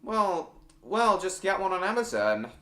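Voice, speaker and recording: A man's voice: high voice, very animated, unhurried, sharp tone, echoey room. A man hosting a live stream, chatting casually with viewers and reading out their comments, with frequent fillers and restarts.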